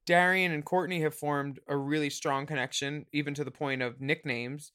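A man's voice: a little high, fairly even intonation, moderate pace, pushed and bright, clear, resonant tone. Campy chatty man co-hosting. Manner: campy, chatty, laughs often. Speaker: podcast co-host. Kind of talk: casual chat recapping a reality show.

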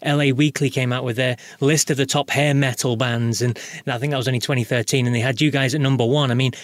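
A man's voice: mid-range voice, fairly even intonation, quick pace, no echo. A man hosting an interview, asking long, enthusiastic run-on questions. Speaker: interviewer host.

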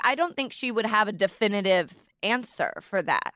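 A woman's voice: medium pitch, expressive, normal speed, sharp tone, no echo, studio quality. A young adult woman from a northern US state, a podcast guest riffing jokingly with quoted asides. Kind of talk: casual panel chat.

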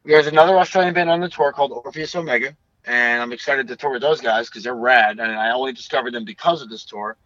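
A man's voice: mid-range voice, quick pace, a bit bright, dry recording, dull audio. A young man chatting casually as an interview guest, rambling and swearing freely. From United States. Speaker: guest bassist.

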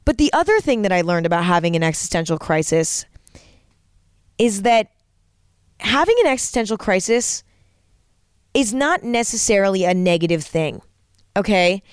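A woman's voice: mid-range voice, expressive, moderate pace, long pauses, smooth, dry recording, studio quality. A woman hosting a solo podcast, talking candidly and reflectively, swearing freely and checking in with "right?" and "you know?". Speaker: podcast host. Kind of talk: casual solo podcast talk.

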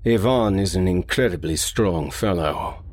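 A cultivated older general speaks with a slight accent, courteous and measured, his politeness edged with quiet menace, as a male reader puts him on. The voice sits very low with a husky grain. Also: expressive, exaggerated voice. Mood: suave.

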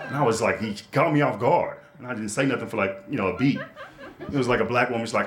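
Fast-talking man doing stand-up. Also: medium pitch, heavy background noise. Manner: loose, conversational storytelling with big animated swings. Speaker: stand-up comedian. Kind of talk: stand-up comedy set. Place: comedy club stage with live audience. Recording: live set with loud crowd laughter.

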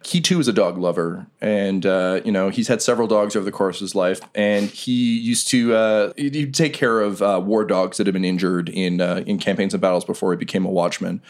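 A man's voice: sits low, brisk, hardly any pauses. A man narrating a tabletop role-playing game as game master, telling the story loosely with many fillers. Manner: relaxed, filler-heavy storytelling.

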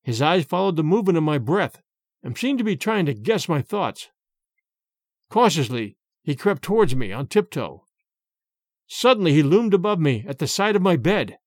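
Expressive man reading a story. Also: fairly high pitch, moderate pace, no room sound, studio quality. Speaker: narrator.

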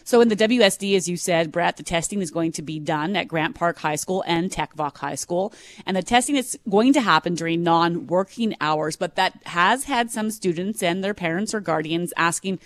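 A woman co-hosting morning radio, animated and quick to laugh at herself. Her voice sits close and dry on a studio microphone, with no room sound around it. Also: on the low side, dry recording. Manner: animated, laughing, self-deprecating. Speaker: radio co-host. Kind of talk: casual morning radio chat.

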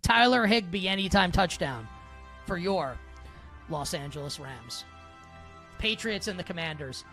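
Here the man hosting a sports betting radio show sounds high, animated, and creaky, speaking a little slowly with frequent pauses and a sharp tone over faint background music. He rambles casually with lots of "like" and playfully calls himself by a mock-royal title.

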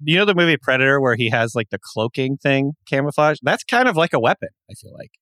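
A man's voice: mid-range voice, animated, fast talker, a bit bright, dry recording. A man co-hosting a podcast, playful and argumentative in casual banter. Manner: playful, argumentative, laughs often. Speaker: podcast co-host.

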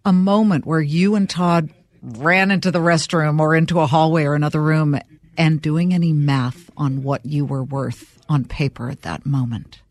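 A woman hosting a business news interview, her voice close and dry with no room sound. She asks pointed questions briskly and steers the talk. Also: low-pitched, fairly even intonation, darkish tone, dry recording. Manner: quick, direct questioning.

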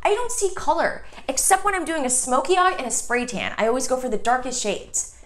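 A woman's voice: sits high, expressive, brisk, fairly bright tone, voice pushed up. A woman doing a comedy impression of a perky female conservative pundit, tossing off breezy, vain quips. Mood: smug.

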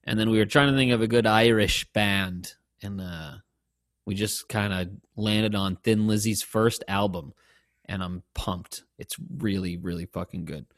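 A man's voice: on the low side, steady tone, unhurried, no echo, studio quality. Profane, rambling podcast host man. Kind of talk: casual podcast chat.

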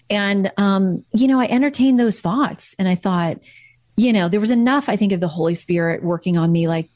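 A woman's voice: medium pitch, brisk, a little mellow, no room sound, studio quality. A woman guest in a candid interview, talking earnestly and reflectively about her faith.

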